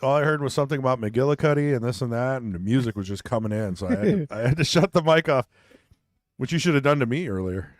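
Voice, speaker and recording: A man of average pitch commentates a pool match in a loose, chatty way. His voice sounds dry and close. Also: expressive, fast talker, no echo. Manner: easygoing, chatty. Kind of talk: live sports commentary.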